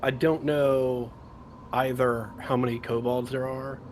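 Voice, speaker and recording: A man's voice: medium pitch, little pitch movement, measured pace, a little mellow, a little hiss or hum. A man playing a tabletop role-playing game, talking casually and rambling with fillers. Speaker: player.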